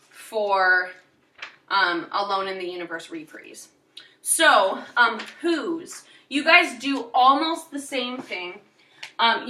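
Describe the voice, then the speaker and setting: A woman's voice: fairly high pitch, bright, forceful tone, echoey room, recorded from a distance, poor audio. A woman drama teacher directing young students through a show's choreography, now and then singing or acting out lines as examples. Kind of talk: choreography instruction.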